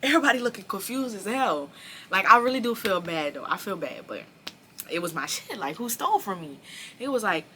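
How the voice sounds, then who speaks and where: A young woman telling a storytime to her viewers in a casual, animated, profane way. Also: mid-range voice, fairly quick, slight background noise. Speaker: vlogger.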